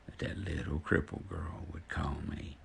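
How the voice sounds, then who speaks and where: A man's voice: very deep voice, fairly even intonation, measured pace, vocal fry, a little hiss or hum. A man telling folksy stories on a live stream, blunt and indignant.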